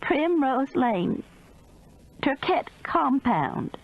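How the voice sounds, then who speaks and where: Woman putting on a shrill cursing old grandmother. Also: big pitch swings, very slow, creaky, lo-fi sound, full character voice. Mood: frantic. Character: older profane Southern trailer-park grandmother.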